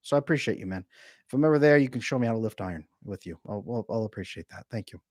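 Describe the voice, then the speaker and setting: A man's voice: on the low side, animated, darkish tone, no room sound, clean studio sound. A man who coaches on relationships, chatting casually and joking as he answers viewer comments on a live Q&A from home. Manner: joking, chatty, quick to laugh. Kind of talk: casual livestream chat, reading viewer comments. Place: home room with a bookshelf behind him.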